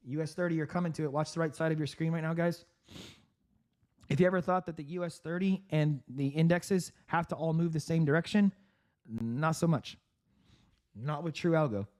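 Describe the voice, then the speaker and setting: A man hosting a live trading stream, giving upbeat market commentary with frequent laughs, clearing his throat and coughing from a sore throat. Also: on the high side, a little mellow. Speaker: trading livestream host.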